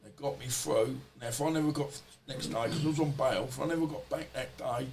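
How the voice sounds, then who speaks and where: A man in the guest seat of a casual podcast, telling his stories in a loose, rambling way. He swears without a second thought and slips into the voices of the people he quotes. His pitch sits mid-range for a man, and a faint hiss of room noise runs under his voice. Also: a little fast, vocal fry, darkish tone, low-quality recording. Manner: rambling, swears freely, acts out quoted dialogue. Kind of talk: casual storytelling interview.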